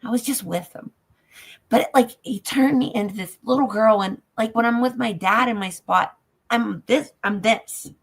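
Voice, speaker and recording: A woman telling a personal dream story in a casual chat, halting and emotional, dropping softer at times. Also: fairly high pitch, vocal fry.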